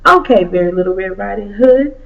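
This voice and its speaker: A woman voicing a gentle, playful male fox-wolf who coaxes and teases a child. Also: medium pitch, animated, fairly quick, vocal fry, phone-quality sound. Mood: coaxing. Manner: soft, coaxing, teasing.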